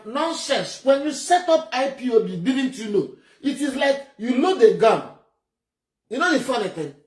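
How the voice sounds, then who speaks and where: Nigerian man, high-voiced, sharp and indignant commentator, echoey room. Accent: Nigerian English. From Nigeria (Enugu State). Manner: indignant, emphatic, blunt. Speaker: political commentator. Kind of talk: heated political commentary. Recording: roomy echo.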